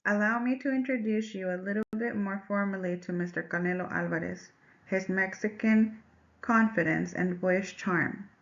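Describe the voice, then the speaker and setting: A woman reading a scripted class presentation, in a measured, read-aloud manner. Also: medium pitch, vocal fry, highs cut off. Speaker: student presenter.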